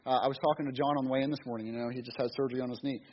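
Fast rambling man giving a casual sermon. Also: medium pitch, steady tone, husky. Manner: rambling, repeats words and restarts, folksy. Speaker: church speaker. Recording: dull lo-fi recording with faint hiss.

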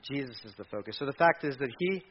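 A man preaching a sermon as pastor, animated, sometimes mimicking whiny complaints and dropping to a quiet, earnest tone. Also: medium pitch, quick pace, slight background noise. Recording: dull lo-fi sound.

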